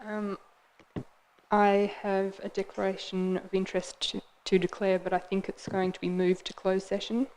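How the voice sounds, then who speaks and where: A woman, a councillor, asking a formal question in a council chamber, measured and slightly hesitant. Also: medium pitch, level tone, a little mellow, slight background noise, rough recording.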